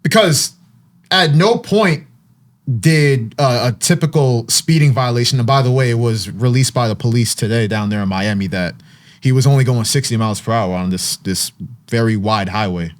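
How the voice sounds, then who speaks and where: A man hosting a relaxed sports chat, recapping the news in a loose, animated way with plenty of "uh"s and trailing restarts. His voice sits in a middle register, neither high nor low. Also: moderate pace. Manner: animated storytelling, frequent fillers. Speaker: podcast host. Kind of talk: casual sports talk.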